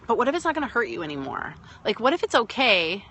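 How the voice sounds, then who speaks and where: A woman's voice: fairly high pitch, big pitch swings, quick pace, pushed and bright, slight background noise. A woman hosting a casual live stream from home, talking through her thoughts with lots of fillers and greeting viewers as they join.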